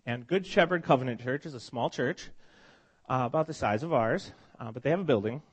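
Pastor with a cold, mid-pitched male voice, casual storytelling sermon with frequent restarts. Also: fairly quick, slightly rough. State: has a cold. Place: church congregation meeting in a school.

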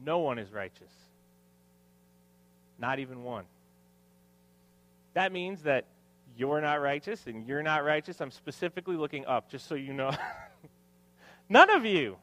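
A man's voice: a little high, very animated, a little slow, pauses often, a bit bright. A man in his thirties preaching a sermon to his congregation, mixing scripture with joking, self-deprecating family stories. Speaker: pastor. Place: church hall with congregation.

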